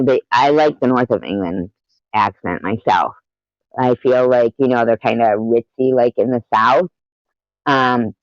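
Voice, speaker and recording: A man with a mid-range voice hosts a livestream, chatting casually and playfully with viewers and greeting them one by one. He records on a phone, producing dull lo-fi audio with no room sound.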